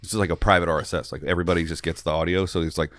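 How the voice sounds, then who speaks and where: A man with a low voice hosts a podcast, chatting quickly in a relaxed, easygoing way. He agrees a lot with his guest, and his dry studio mic keeps him close. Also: no room sound. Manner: relaxed, agreeable, frequent "yeah, dude". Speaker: podcast host. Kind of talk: casual podcast chat.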